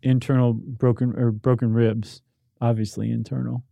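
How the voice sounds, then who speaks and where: A man's voice: mid-range voice, level tone, moderate pace, gravelly, mellow, no room sound. A man co-hosting a podcast, chatting casually and wryly, trading jokes with his partner. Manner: wry, joking. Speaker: podcast co-host. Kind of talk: casual chat.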